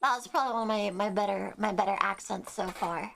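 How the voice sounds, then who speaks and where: A woman's voice: mid-range voice, quick pace, vocal fry, a bit bright, a little hiss or hum. A woman chatting casually and joking while livestreaming a game. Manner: playful, jokey. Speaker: streamer. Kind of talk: casual game stream chat. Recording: game music behind.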